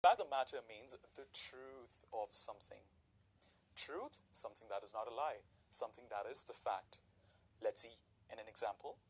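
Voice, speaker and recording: A man's voice: medium pitch, expressive, normal speed, pushed and bright, breathy edge, rough recording. A man teaching an English lesson, explaining phrases step by step with example sentences and questions to the viewers.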